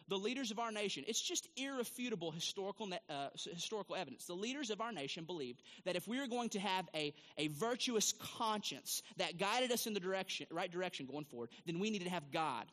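A man preaching a sermon to his congregation, animated and emphatic, rising to loud peaks and asking the crowd questions. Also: high-pitched, in a large hall. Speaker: pastor.

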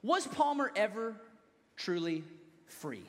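A young man with a high voice preaches to his congregation in an easy, conversational manner. He breaks off now and then to joke with the listeners. His voice rings out with a long reverb through a church hall. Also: sing-song, slow, fairly bright tone. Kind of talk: sermon.

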